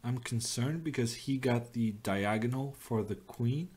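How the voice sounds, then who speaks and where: A young Norwegian man streams chess, giving live commentary as he thinks out loud with wry, self-deprecating quips. His voice is medium-pitched, measured and darkish, with a breathy edge.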